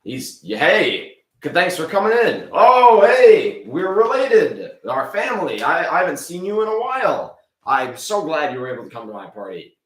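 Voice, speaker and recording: A man's voice: medium pitch, animated, fairly quick, bright, forceful tone, roomy sound, poor audio. A man voicing Rockin' Ricky, a brash male rock keyboardist showman, boastful and hyped, in improv comedy. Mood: chatty. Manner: boastful, hyped, sound-effect heavy.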